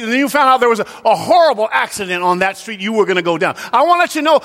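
A male pastor preaches in a church with a notably high voice. He swings from loud, shouted emphasis down to soft, hushed lines. The sound carries a long reverb from the sanctuary. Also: animated, rapid-fire, hardly any pauses. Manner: preaching with sudden loud peaks and soft drops. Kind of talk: sermon.

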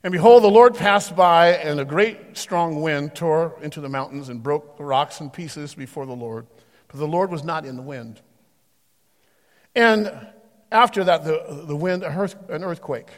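High-voiced preacher in a reverberant sanctuary. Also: male voice, unhurried. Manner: swings between shouted exhortation and quiet scripture reading. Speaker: pastor. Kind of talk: sermon. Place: church sanctuary. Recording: long hall reverb.

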